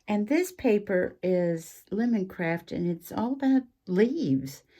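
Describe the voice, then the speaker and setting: Woman host, low mellow voice, chatty craft walkthrough with ums. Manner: chatty, rambling, with frequent ums and asides. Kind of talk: casual craft show-and-tell chat.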